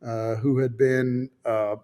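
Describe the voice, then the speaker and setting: A man's voice: mid-range voice, level tone, slow, warm tone. Man in his fifties telling a war story, salty and offhand. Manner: swears freely, self-deprecating, many fillers and restarts. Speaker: guest, former fighter pilot. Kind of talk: casual storytelling.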